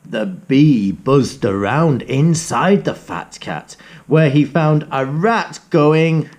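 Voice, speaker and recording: Animated teacher reading to children. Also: male voice, a little high, takes it slowly. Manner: animated, asks children to join in. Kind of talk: reading a picture book aloud to children.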